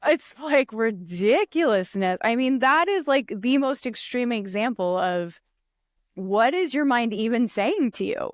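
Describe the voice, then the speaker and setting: Smooth-voiced reflective woman guest. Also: on the high side, animated, a little slow, no room sound, studio quality. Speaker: podcast guest, spiritual practitioner. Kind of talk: casual conversation.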